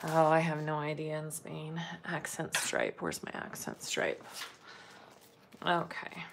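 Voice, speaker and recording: A woman's voice: low voice, expressive, slow pace, vocal fry, a little hiss or hum. A middle-aged woman leading a live sewing tutorial. She explains steps as she works, chats casually and hums filler sounds while she sews. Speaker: sewing instructor and shop owner.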